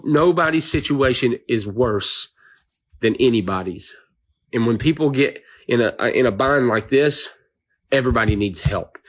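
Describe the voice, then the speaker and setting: A man's voice: medium pitch, highs cut off. An emotional man, venting in a frustrated, pleading rant about being told to stand down. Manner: frustrated, pleading, repeats himself. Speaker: volunteer with drones and trucks. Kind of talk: impassioned video rant.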